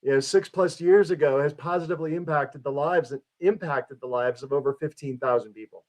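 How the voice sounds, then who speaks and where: A male co-host with a slightly high voice runs the show in a chatty, conversational way. He often doubles back on his words as he frames the topic for his guest. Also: a little fast, a little mellow. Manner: chatty, repeats words as he restarts. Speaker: podcast co-host.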